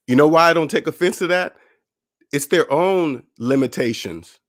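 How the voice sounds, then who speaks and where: At a measured pace, a man with a fairly high pitch hosts his personal finance channel. He sounds casual and encouraging, and he is animated, doing the voices of the people he quotes in his stories.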